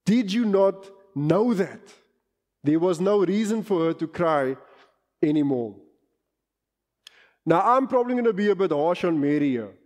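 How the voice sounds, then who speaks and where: A middle-aged man with a South African accent preaches from the pulpit, his voice sitting high for a man. He leans on key words and stretches them out, and the sound carries the long reverb of a church hall. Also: lively intonation, moderate pace, pauses often. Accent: South African English. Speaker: pastor. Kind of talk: sermon.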